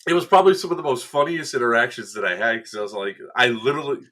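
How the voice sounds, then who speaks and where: With a mid-range voice and a very fast delivery, an event staff member chats on a podcast about a game, with slight background noise behind him. He recounts it animatedly, acting out people's quotes and laughing.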